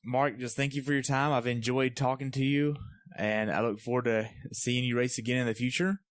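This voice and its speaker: A man's voice: medium pitch, fairly even intonation, fairly quick, dry recording, studio quality. A man hosting a triathlon podcast, asking short questions and thanking his guest. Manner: friendly, brief replies, upbeat outro. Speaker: podcast host, triathlon coach. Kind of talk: interview host and podcast outro.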